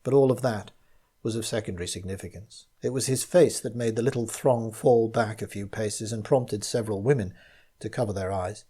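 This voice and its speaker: A man reading his own gothic mystery story aloud, in measured first-person narration. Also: lowish voice, dark tone, husky.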